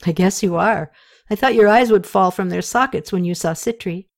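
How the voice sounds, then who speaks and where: A woman reading as a brisk young woman. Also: mid-range voice, gravelly, close to an everyday voice.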